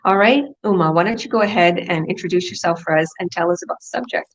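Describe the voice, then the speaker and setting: A woman's voice: on the low side, fast talker, highs cut off, noisy background. A woman business coach hosting a motivational online talk, upbeat and preachy, often repeating herself.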